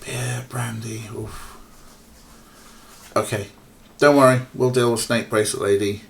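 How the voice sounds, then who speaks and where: A man with a steady, medium-pitched voice and vocal fry speaks at a measured pace while streaming a point-and-click game. He rambles casually with many fillers, talking to viewers and his cats.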